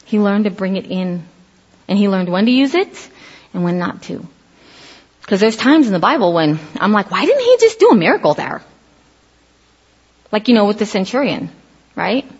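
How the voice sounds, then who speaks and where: Husky woman preaching in a hall. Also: mid-range voice, normal speed. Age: middle-aged. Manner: animated storytelling, acts out quoted voices. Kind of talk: casual sermon. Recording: dull lo-fi audio in a reverberant hall.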